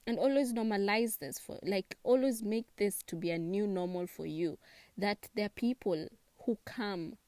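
A young woman with a Kenyan accent chatting casually, expressive and quick to laugh, giving relationship advice. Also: mid-range voice, no room sound. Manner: chatty and expressive, laughs often, mixes in Swahili words. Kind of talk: casual chat to camera.

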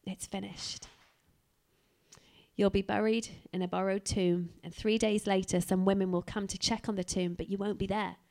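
Gravelly-voiced woman preacher. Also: mid-range voice, level tone, brisk, hardly any pauses, a little mellow. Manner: dramatic storytelling. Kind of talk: sermon.

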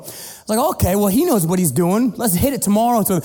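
A middle-aged man preaching as a pastor, telling a family story in an animated, playful way and acting out the voices. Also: high voice, quick pace. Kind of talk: sermon storytelling. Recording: long hall reverb with faint music.

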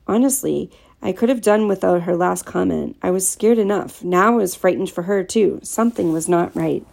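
A woman reads a first-person story aloud, steady and plain in her telling. Her voice sits low and is heavily gravelly, with a dark, mellow tone. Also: normal speed. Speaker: audiobook narrator.

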